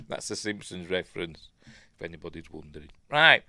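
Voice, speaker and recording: A man's voice: sits low, sing-song, moderate pace, gravelly, pushed and bright, dry recording. A middle-aged man with a Yorkshire accent, rambling casually through a film commentary with asides. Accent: Yorkshire English. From Yorkshire, England. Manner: chatty, rambling, self-deprecating asides. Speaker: film review host.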